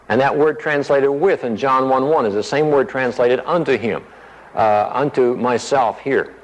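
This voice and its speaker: A man teaching a passage verse by verse. He explains single words and acts out the quoted lines. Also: mid-range voice. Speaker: preacher. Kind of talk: expository Bible teaching. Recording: dull sound in a hall with reverb.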